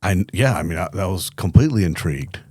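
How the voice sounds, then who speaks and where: A man's voice: deep voice, fast, husky, dry recording, studio quality. A middle-aged man, a company CEO guest, telling candid, blunt stories in a podcast interview. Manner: lively, candid storyteller, blunt and profane.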